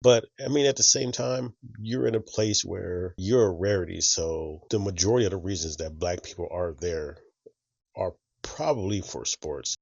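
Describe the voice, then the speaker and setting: A man's voice: sits low, normal speed, vocal fry, a little mellow, breathy edge, no echo, highs cut off. A man hosting a reaction channel, commenting in a conversational, reflective way and thinking aloud as he goes. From United States.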